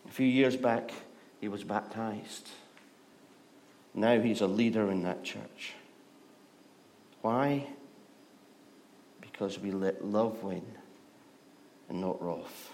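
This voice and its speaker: A middle-aged Scottish pastor preaching a sermon, telling stories and moving between hushed and loud, lively delivery. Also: male voice, lowish voice, takes it slowly, long pauses, a little hiss or hum. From Scotland. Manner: storytelling, shifts from hushed to loud and animated.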